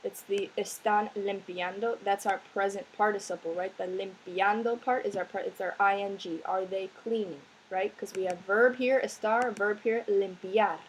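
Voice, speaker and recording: A woman's voice: mid-range voice, a little hiss or hum, rough recording. A woman teaching a recorded language lesson, explaining step by step and checking in with "right?" as she goes. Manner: slow, patient explaining with frequent "right?" checks. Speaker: Spanish teacher.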